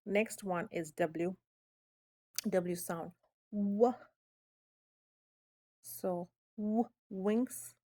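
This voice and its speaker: A woman's voice: mid-range voice, mellow. A woman teaching a phonics lesson, sounding out letters patiently and checking in with "okay?". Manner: drawn-out demonstration sounds, frequent "okay?" checks.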